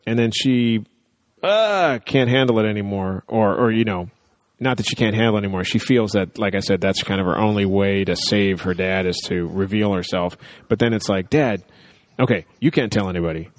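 A man co-hosting a casual chat about a TV show, talking things through and quoting characters in quick asides. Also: fairly low pitch, fairly even intonation, no echo.

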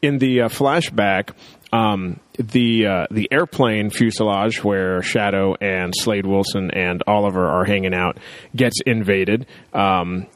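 A chatty man with a lowish voice talks through a TV episode, hopping between thoughts with plenty of ums and restarts. His voice is recorded close and dry, with no room sound behind it. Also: fairly even intonation, takes it slowly, no room sound. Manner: chatty, rambling with fillers, acts out quoted lines. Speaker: podcast co-host. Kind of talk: casual TV recap chat.

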